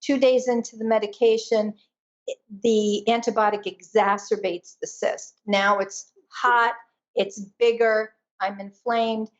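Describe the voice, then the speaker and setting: A woman guest telling a personal story in an animated, emphatic way during a conversation. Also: on the high side, unhurried, lo-fi sound. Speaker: guest, energy intuitive.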